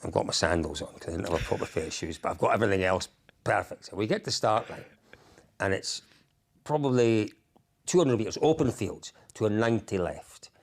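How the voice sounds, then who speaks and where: Lively gravelly-voiced man telling stories. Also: on the low side, a little fast. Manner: vivid, excitable, swears freely. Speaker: podcast guest, rally commentator. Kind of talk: animated storytelling in casual chat.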